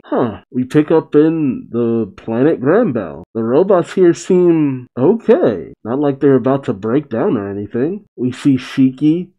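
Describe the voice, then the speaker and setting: A man hosting a manga reaction, reading the story and reacting in a casual way, thinking aloud with soft interjections. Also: mid-range voice, very animated, measured pace, hardly any pauses.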